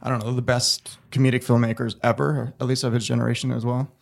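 A man's voice: medium pitch, flat delivery, quick pace, gravelly. Male co-host, chatty, fills his questions with "like". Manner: chatty, lots of "like". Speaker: podcast co-host. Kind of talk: casual interview chat.

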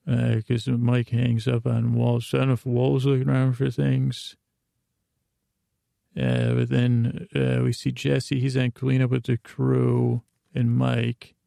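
A man's voice: mid-range voice, completely flat delivery, vocal fry, mellow, dry recording, studio quality. A man hosting a podcast, telling a rambling bedtime recap in a meandering, hesitant, drowsy way full of asides. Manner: drowsy, unhurried. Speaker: podcast host.

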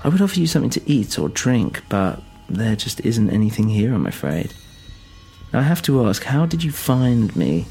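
A man voicing an old dead inventor who speaks through a speaker, croaky, slow and cryptic. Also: mid-range voice, very animated, dark tone, faint music behind, heavily acted. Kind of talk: audio drama narration.

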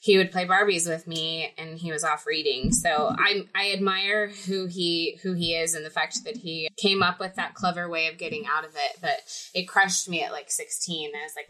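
A woman's voice: lowish voice, bright, forceful tone, low-quality recording. A young woman hosting a podcast, chatting casually and reflectively. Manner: chatty and reflective, with frequent restarts. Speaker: podcast host. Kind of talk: casual chat.

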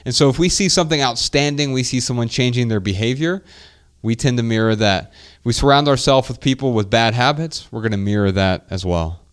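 A man in his thirties talks through a casual podcast chat in a smooth, resonant voice at an everyday pitch. He tells family stories in a reflective way and gets lively when he quotes his small daughter. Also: fairly quick. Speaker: podcast co-host.

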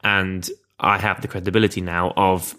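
A man's voice: sits low, little pitch movement, moderate pace, bright, forceful tone. A man being interviewed in a studio, talking candidly and chattily, now and then poking fun at himself. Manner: candid, chatty, self-deprecating, with laughs. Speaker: guest. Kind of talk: casual interview chat. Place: studio across a table.

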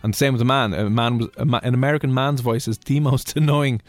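A man from Ireland co-hosting a radio show, chatting casually and joking with quick asides. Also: medium pitch, steady tone, no echo. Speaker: radio co-host. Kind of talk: casual chat.

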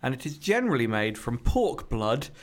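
A man's voice: medium pitch, sing-song, moderate pace. A man hosting a casual podcast, reading an article aloud with playful, jokey asides. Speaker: podcast host.

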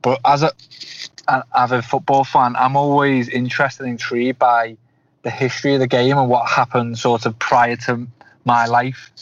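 A man in his thirties hosts a football podcast, asking long, winding questions that stumble over restarts before getting to the point. His pitch is middling, and the audio has a dull, lo-fi quality. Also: little pitch movement, normal speed, no room sound. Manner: rambling, many restarts. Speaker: podcast host. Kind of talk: interview questions.

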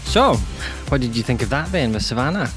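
A woman's voice: extremely low pitch, a little fast, over loud music. A woman co-hosting a podcast in casual chat, laughing often. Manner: lively, laughs a lot. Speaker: podcast co-host.

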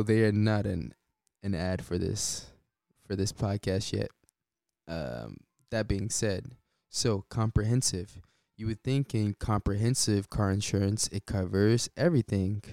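Slow, smooth-voiced male podcast host. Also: fairly low pitch, mellow, no room sound, clean studio sound. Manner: laid-back, chuckles often between points. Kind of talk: casual solo podcast talk.

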